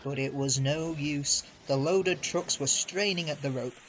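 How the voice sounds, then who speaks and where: A man reading a children's railway storybook aloud in a measured, expressive way. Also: a little high, a little hiss or hum. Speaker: reader. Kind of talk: storybook narration.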